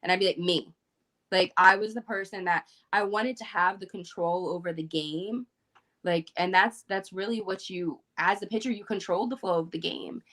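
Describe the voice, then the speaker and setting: A young woman, a former softball pitcher, chatting casually as a guest on a video-call interview, with frequent fillers and light laughs. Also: normal speed. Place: room at home.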